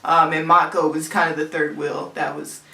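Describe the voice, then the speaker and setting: A young woman co-hosting a casual show, talking in an animated, exasperated way about an episode she watched. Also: low-pitched, moderate pace, echoey room. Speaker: podcast co-host. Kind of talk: casual chat. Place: cold room.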